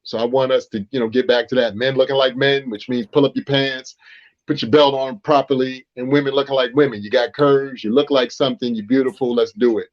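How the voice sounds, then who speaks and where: A man co-hosting a casual radio talk show, animated and storytelling. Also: mid-range voice, a little fast. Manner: animated, storytelling, quotes film lines loudly. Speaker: radio co-host. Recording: dull lo-fi radio audio.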